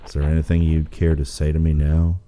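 A man voicing a calm, steady masked hero in a western audiobook, speaking in a firm, measured way. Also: very deep voice, background noise. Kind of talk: audiobook character voice.

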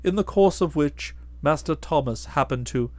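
A man voicing a deferential, unflappable valet who speaks in a measured, formal way. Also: on the high side, animated, no room sound, close to an everyday voice. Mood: composed. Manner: measured and formal, trailing off softly on each "sir".

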